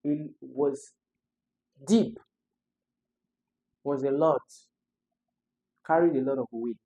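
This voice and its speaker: A man's voice: mid-range voice, takes it slowly, warm tone, low-quality recording. A man, tutoring students through English exam questions step by step and repeating the key words.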